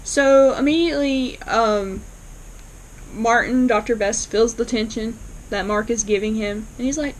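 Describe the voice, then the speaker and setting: A woman's voice: on the high side, a little slow, slight background noise, low-quality recording. A woman casually recapping a TV episode for her channel, retelling the plot in a chatty way with lots of fillers. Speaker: TV episode reviewer.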